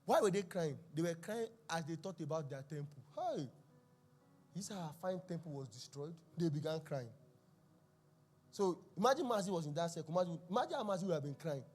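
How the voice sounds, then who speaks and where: A man's voice: a little high, lively intonation, fast talker, darkish tone. A young man preaching a sermon at a church service, telling the story with laughs and exclamations. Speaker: pastor.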